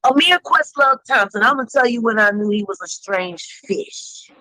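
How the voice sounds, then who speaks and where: A woman's voice: a little high, lively intonation, moderate pace, pushed and bright, no room sound, poor audio. A woman telling a story in blunt, emphatic, heavily profane casual talk. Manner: blunt, emphatic, heavy cursing.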